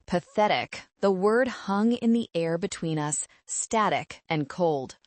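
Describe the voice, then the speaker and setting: Measured woman narrating a story. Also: lowish voice, animated, dry recording. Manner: measured, controlled. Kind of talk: first-person scripted narration.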